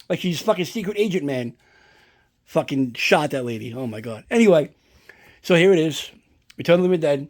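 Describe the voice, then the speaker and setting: A man's voice: fairly high pitch, expressive, fairly quick. A man talking casually at home, rambling through a story and swearing often as he shows off a collectible prop. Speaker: collector showing a movie prop. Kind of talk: casual unboxing vlog. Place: indoors at home.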